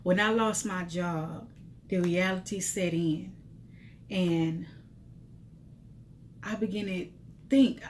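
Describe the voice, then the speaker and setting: Middle-aged woman, lower voice, heartfelt storytime vlogger, faint hiss behind. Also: fairly even intonation, slow pace, long pauses. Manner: testifying, repetitive, speaks directly to viewers. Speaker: vlogger telling her life story. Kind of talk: emotional storytime vlog.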